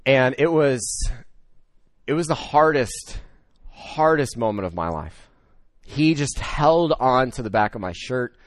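A man in his thirties preaching a sermon, telling a personal story that swings between loud excitement and hushed emotion. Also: mid-range voice, takes it slowly, no room sound, studio quality. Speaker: pastor.

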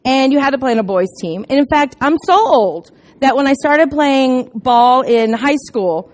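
A middle-aged woman giving a casual sermon, telling stories in a chatty, self-deprecating way with sudden loud bursts. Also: high voice, lively intonation, moderate pace. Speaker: preacher.

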